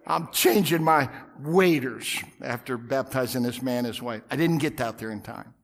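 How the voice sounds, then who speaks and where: A middle-aged male pastor telling a story in a sermon, swinging from loud outbursts to hushed whispers. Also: medium pitch, normal speed, vocal fry.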